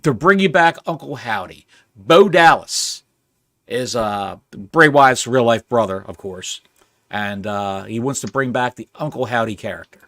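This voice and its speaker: A male co-host chatting about wrestling news with a wry, storytelling manner. His pitch swings widely. The sound is close and dry. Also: animated, a little slow, fairly bright tone, no echo. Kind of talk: casual wrestling podcast chat.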